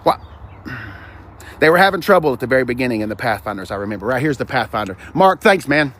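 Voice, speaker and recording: A man vlogging on a car dealership lot, chatty and animated, talking to the cars and his viewers. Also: mid-range voice, fast talker. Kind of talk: live-streamed dealership walkaround.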